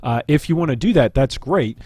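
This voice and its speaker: A man's voice: medium pitch, animated, brisk, a little mellow, slightly rough, no echo. A young man giving casual, upbeat gameplay commentary to viewers, chatty and explanatory as he walks through advice. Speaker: gaming video creator.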